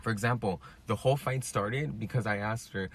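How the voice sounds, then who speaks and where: A man's voice: on the low side, fairly quick, a bit bright, slightly rough. A young man in a casual podcast chat, rambling through a story, saying "bro" a lot and swearing freely. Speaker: podcast guest telling his story.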